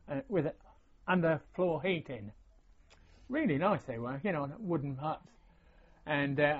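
An older man, a veteran recalling his service in a rambling, meandering oral-history interview. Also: a little high. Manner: rambling, with many fillers and restarts. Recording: dull lo-fi recording.

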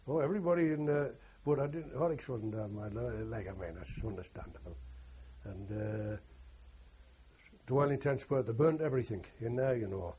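A man's voice: mid-range voice, fairly quick, dark tone, slight background noise. An older man, a war veteran telling rambling oral history anecdotes and quoting others with "he says". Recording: dull lo-fi recording.

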